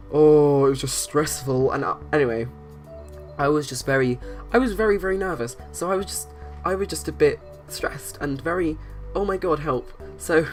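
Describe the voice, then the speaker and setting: A young adult rattles through a casual story at a quick clip. The talk rambles, full of restarts and fillers, over soft background music. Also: mid-range voice. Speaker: channel host. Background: faint background music.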